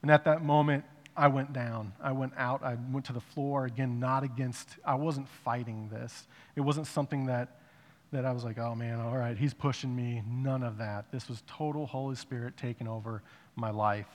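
A man giving a personal testimony in a conversational way, rising to emphatic bursts and dropping to hushed reflection. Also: mid-range voice, fairly even intonation, moderate pace. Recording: long reverb of a large hall.

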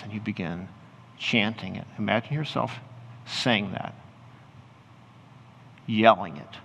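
A male pastor with a low, gravelly voice guides his congregation through an imagined scene, easing into slow, hushed storytelling. His words ring out in a church hall with a long reverb and faint ambience behind them. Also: slight background noise. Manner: slows and softens into hushed storytelling.

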